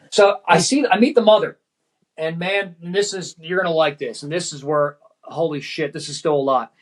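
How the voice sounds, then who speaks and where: A man's voice: fairly high pitch, normal speed, rough recording. Rambling, profane middle-aged man. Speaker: guest, former firefighter lieutenant. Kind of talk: emotional personal storytelling.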